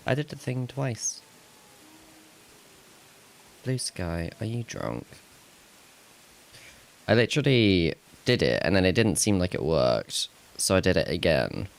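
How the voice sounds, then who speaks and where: A man's voice: low voice, very animated, slow, vocal fry, long pauses. A man live-streaming casually, rambling to himself as he fixes tech problems and laughing at himself. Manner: rambling, talks to himself while fixing tech; laughs at himself, self-mocking.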